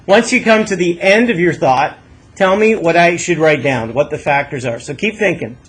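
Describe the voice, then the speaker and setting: A man's voice: fairly high pitch, lively intonation, normal speed, a little hiss or hum, poor audio. A male math teacher leading a classroom lesson, coaxing students with questions and asking them to think aloud.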